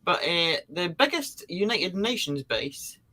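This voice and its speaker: A woman's voice: on the low side, big pitch swings, measured pace, pushed and bright. A woman co-hosting a podcast, chatting casually and teasing out suspense with theatrical questions. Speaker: podcast co-host. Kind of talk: casual conspiracy chat.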